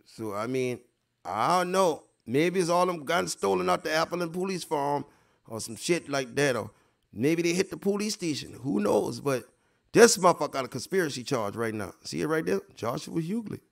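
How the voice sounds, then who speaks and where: A man's voice: fairly high pitch, lively intonation, normal speed, vocal fry. A man hosting a casual online livestream, talking straight to his viewers in a rambling, profane way and repeating himself for emphasis. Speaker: online show host.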